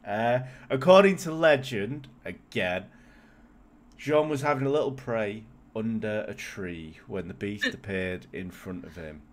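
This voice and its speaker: A man co-hosting a casual podcast, his voice sitting fairly low. He tells a history story loosely and jokes his way through it. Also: animated, a little slow, slight background noise. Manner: jokey, laughs often while telling a history story. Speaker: podcast co-host.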